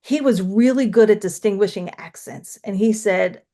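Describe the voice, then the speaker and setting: Guest: middle-aged woman with a Delaware County accent, frank storyteller, mid-pitched voice, video call. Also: moderate pace, dark tone. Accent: Delaware County, Pennsylvania. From Philadelphia area, USA. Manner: chatty, frank, laughs often, tells stories. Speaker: guest, author and former radio broadcaster. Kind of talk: casual interview chat.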